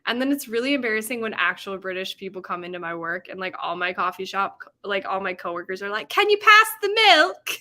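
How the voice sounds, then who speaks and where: A woman's voice: mid-range voice, steady tone, quick pace, few pauses, bright, forceful tone. A young woman hosting a live stream in casual chat, rambling and laughing often mid-sentence, and prone to over-explaining herself. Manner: self-conscious over-explaining. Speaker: livestream host.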